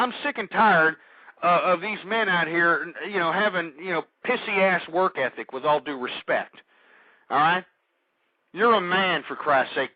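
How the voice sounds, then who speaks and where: A man hosts an internet talk radio show in an angry, preachy rant. His high voice keeps stumbling into repeated words as he works himself up. The sound is dry and dull, with a lo-fi, muffled tone. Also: no room sound. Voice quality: stammering, repeats words when worked up. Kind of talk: ranting talk radio monologue.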